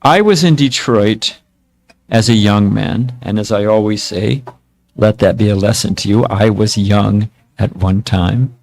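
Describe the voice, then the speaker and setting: A man's voice: on the low side, a little slow, creaky, a little mellow. A man in his seventies, a monk giving a spiritual talk, telling stories from his past in a casual, self-mocking way. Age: 70s.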